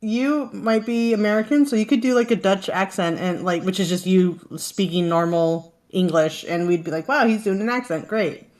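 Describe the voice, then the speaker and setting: A woman playing in a tabletop game, chatting in an animated way and quick to joke. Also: fairly low pitch, a little hiss or hum. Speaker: player. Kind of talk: casual chat about a tabletop game.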